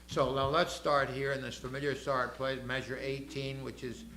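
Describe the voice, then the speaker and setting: A man's voice: mid-range voice, level tone, moderate pace, sharp tone, a little hiss or hum. An older man directing a choir rehearsal, explaining the music and counting the singers in. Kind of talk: choral rehearsal instruction. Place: rehearsal room. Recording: echoey rehearsal room.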